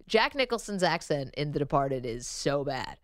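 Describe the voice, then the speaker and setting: A woman co-hosting a casual sports talk show, chatty and animated. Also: low-pitched, dry recording, clean studio sound. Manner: chatty and animated, quick to laugh.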